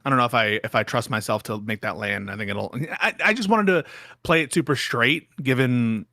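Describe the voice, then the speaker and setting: A man's voice: mid-range voice, a little fast, creaky, sharp tone, dry recording, clean studio sound. A man co-hosting a casual chat, self-doubting and rambling with many restarts. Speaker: co-host and debater.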